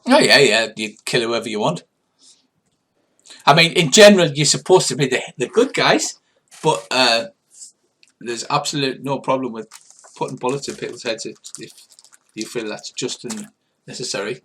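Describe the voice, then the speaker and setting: An older man from England acts as game master for a tabletop game among friends. His narration is loose and rambling, full of restarts and little sound effects, delivered at a middling pitch. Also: animated, moderate pace, pauses often, a bit bright.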